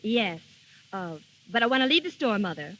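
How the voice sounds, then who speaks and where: A woman's voice: medium pitch, big pitch swings, moderate pace, sharp tone, low-quality recording. An actress playing a shy, earnest young shop girl in a 1940s radio drama, with music behind. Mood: pleading. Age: young adult. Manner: timid, earnest.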